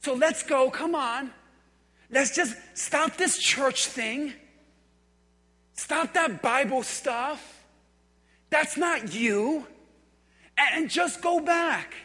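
Man doing a scornful, coaxing devil voice, high, slow, echoing in a hall. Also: sharp tone, full character voice. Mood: taunting. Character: taunting accusing male devil voice. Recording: echoey hall.

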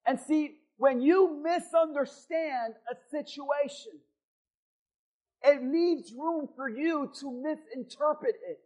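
A male pastor preaching to his congregation. He moves from a quiet prayer to a loud, stirring sermon. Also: very high-pitched, slow, rough recording. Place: church in front of a congregation.

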